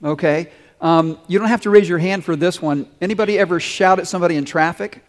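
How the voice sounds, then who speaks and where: A man with a high, light voice preaches to his congregation with earnest warmth of purpose. His words ring out in a large sanctuary with a long, lingering reverb. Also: quick pace. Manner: earnest, leads the congregation in call-and-response. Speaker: pastor. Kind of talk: sermon.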